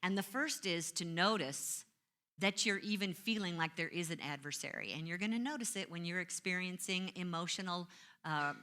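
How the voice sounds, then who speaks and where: Bright-voiced woman minister preaching. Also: on the low side, moderate pace. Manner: conversational, self-mocking storytelling with acted-out complaints. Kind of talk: sermon.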